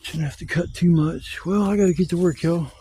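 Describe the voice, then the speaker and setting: A slight hiss or hum accompanies this outdoor vlog, where a man swears a lot and rambles in Southern-style speech as he gathers wood while camping in the woods. He speaks a little fast in a fairly high, mellow voice, captured by a camera mic on a handheld gimbal.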